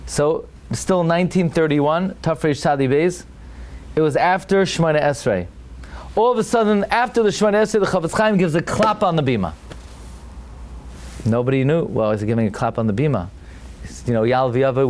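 Dramatic storytelling rabbi, higher-voiced man. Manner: dramatic, emphatic, with many restarts; sprinkles Hebrew and Yiddish terms. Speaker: rabbi teaching a class. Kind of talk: storytelling Torah lecture.

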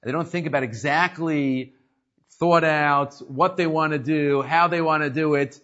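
Heard through a muffled lo-fi recording, this Torah teacher speaks unhurriedly in a voice on the high side. His casual religious class is full of lively storytelling, though he frequently breaks off and restarts sentences.

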